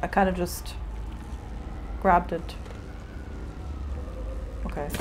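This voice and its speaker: A woman's voice: sits low, level tone, normal speed, vocal fry, long pauses, slight background noise. A woman streamer giving casual, chatty commentary while she plays a game, swearing freely and talking to things on the screen.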